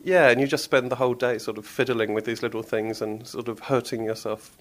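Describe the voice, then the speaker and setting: A man's voice: mid-range voice, fairly even intonation, brisk. A man, a children's author, chatting casually and reading aloud from his own book in a playful, jokey way. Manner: playful, laughs at own jokes, retakes lines.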